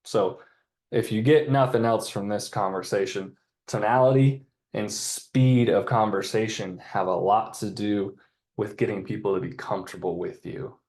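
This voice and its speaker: A man giving a casual sales training on a video call, talking in a relaxed, chatty way and acting out sales lines. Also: on the low side, normal speed. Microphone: computer mic on a video call.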